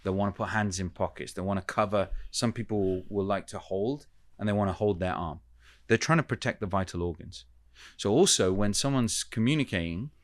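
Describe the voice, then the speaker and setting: A man's voice: on the low side, fairly bright tone, no echo. Man explaining like a teacher, dry sound. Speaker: guest, communication expert. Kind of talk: podcast interview.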